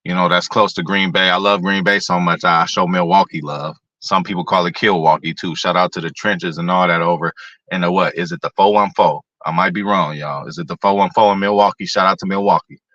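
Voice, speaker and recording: A man's voice: low voice, fairly even intonation, fairly quick, bright, forceful tone, no room sound, lo-fi sound. A man hosting a casual sports talk show, rambling and profane, talking to his viewers by name. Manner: talks to chat viewers by name.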